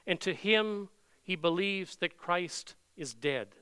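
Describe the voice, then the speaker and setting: Sharp yet clean in tone, this man's high, animated voice carries an expository sermon. He reads the scripture earnestly and deliberately slows to give weight to each quoted phrase.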